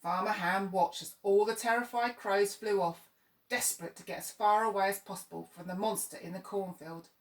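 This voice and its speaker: A woman reading a children's story aloud in an expressive, lively way. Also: mid-range voice, moderate pace, far from the mic. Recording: echoey room, voice off-mic.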